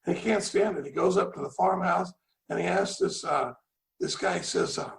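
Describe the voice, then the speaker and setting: Folksy man, middle-aged, rambling recovery talk, gravelly, echoey room. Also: high-pitched, moderate pace. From Dallas, Texas. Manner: rambling, repeats words, folksy. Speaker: recovery meeting speaker. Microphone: video call.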